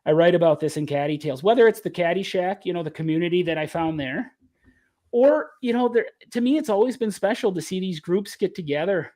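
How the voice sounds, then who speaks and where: A man's voice: high voice, lively intonation, brisk, mellow. A man talking as an interview guest, a caddie reflecting earnestly and often restarting his sentences. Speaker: caddie and author, podcast guest. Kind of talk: casual interview talk.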